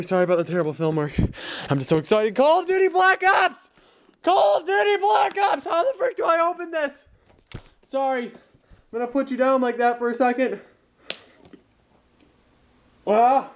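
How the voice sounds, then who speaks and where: A young man filming an excited unboxing vlog, swinging from shrieks of joy to hushed murmurs. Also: a little high. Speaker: gaming YouTuber. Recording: noisy home recording.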